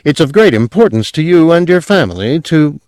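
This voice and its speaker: A man voicing an eager, beaming young male insurance salesman who talks fast and pushes on. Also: on the high side, sing-song, no room sound, studio quality, pitched above the performer's own voice. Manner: bright, eager and pushy.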